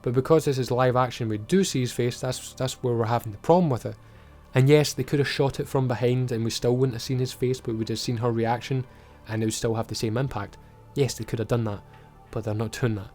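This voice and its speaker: A man's voice: medium pitch, fairly quick, faint music behind. Casual man recapping a show. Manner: swearing, animated retelling. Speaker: video reviewer. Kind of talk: casual recap with acted-out quotes.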